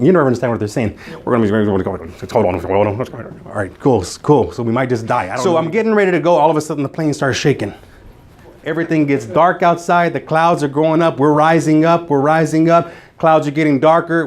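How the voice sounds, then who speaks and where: Male motivational speaker, slightly high voice, emphatic, repeats lines for punch, addressing a room. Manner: emphatic, repeats phrases for effect. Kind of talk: motivational speech to a live audience. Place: meeting room with an audience.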